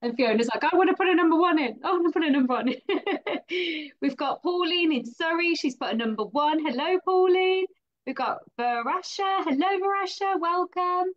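A woman's voice: sits high, highs cut off. A woman hosting a live stream, bubbly and effusive as she greets viewers and introduces her guest. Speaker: host.

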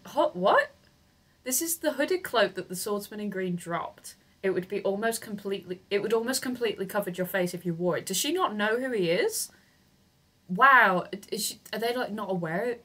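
A woman streaming a video game live, reacting in an excitable, giggly way and cheering the character on. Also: medium pitch. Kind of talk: live gameplay commentary.

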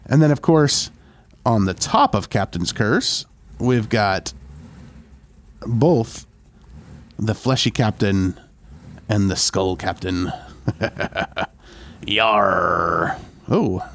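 A man with a medium-pitched voice hosts a gaming channel, offering upbeat, chatty let's-play commentary and occasionally slipping into playful pirate talk. Game music plays in the background.

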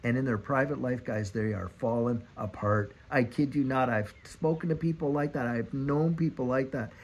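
A man's voice: medium pitch, normal speed, husky, poor audio. A man in his fifties giving an earnest, exhorting sermon and repeating his key phrases. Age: 50s. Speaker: Christian speaker.

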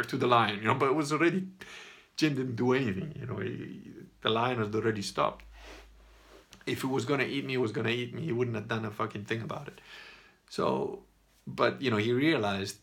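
A man's voice: mid-range voice, moderate pace, creaky, a bit bright. A middle-aged man telling a personal story in a casual monologue, rambling and swearing, laughing as he goes and acting out what people said. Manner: rambling, profane, laughs as he talks, acts out quotes.

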